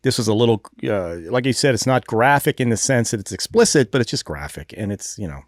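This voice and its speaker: A man's voice: medium pitch, animated, brisk, no room sound, studio quality. A man co-hosting a film podcast who talks hesitantly and often trails off mid-thought. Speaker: podcast co-host. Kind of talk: casual film review chat.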